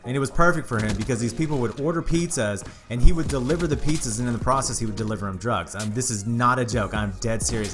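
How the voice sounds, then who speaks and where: A man's voice: medium pitch, fairly bright tone. A man hosting his own channel, candidly telling a personal story to his viewers in a casual, earnest way. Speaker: YouTube channel host.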